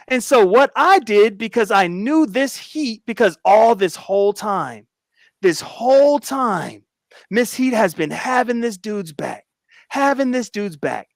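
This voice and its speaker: Man, livestream commentator, animated storytelling, swooping intonation, dry close sound. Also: high voice, a little slow, gravelly, no room sound. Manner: animated, emphatic retelling of an argument. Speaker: YouTube commentator.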